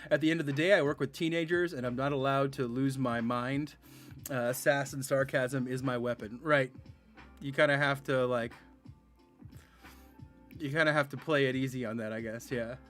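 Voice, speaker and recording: A man's voice: medium pitch, fairly even intonation, moderate pace, long pauses, fairly bright tone, soft background music. A man in his thirties chatting casually while streaming a game, rambling, sarcastic and laughing often. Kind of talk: casual live-stream chat.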